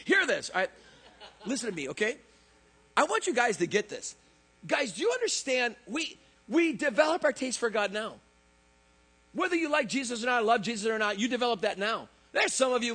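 A man preaching a lively, joking sermon who acts out voices in his stories. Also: very high voice, fairly quick, slightly rough. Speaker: pastor. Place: church service.

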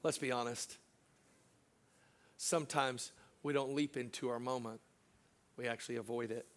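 A middle-aged man, a pastor, preaching a sermon through a personal story, swinging from loud laughing asides to hushed, slow moments. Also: medium pitch, fairly even intonation.

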